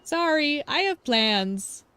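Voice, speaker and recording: A woman's voice: sits high, lively intonation, slow pace, bright, forceful tone, a little hiss or hum, voice pushed up, full character voice. A woman voicing a snooty, dismissive teenage girl with a snippy delivery.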